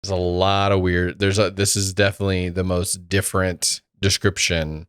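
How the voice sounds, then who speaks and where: A man's voice: deep voice, flat delivery, moderate pace, fairly bright tone, clear, resonant tone, no echo. A man co-hosting a film review podcast, chatting casually with a dry, sarcastic wit. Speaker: podcast co-host.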